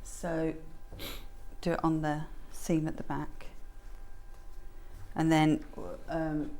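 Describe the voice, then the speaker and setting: A woman's voice: low voice, monotone, slow pace, vocal fry, darkish tone. A woman demonstrating sewing on a live shopping channel. She talks in a chatty, giggly way, explaining each step. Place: TV studio.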